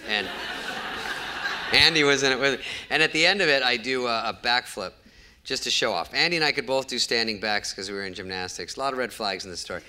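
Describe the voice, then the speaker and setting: A man's voice: mid-range voice, quick pace, bright, forceful tone, a little hiss or hum. A man in his fifties, a comedian telling wry, self-deprecating stories on stage before a live audience. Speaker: comedian guest. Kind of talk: storytelling on stage. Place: live audience event hall.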